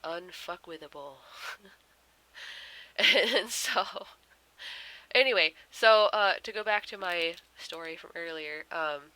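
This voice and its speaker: A young woman telling a rambling anecdote while she draws, full of fillers and deadpan punchlines. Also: low-pitched, poor audio. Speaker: artist vlogger. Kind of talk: casual storytelling while drawing.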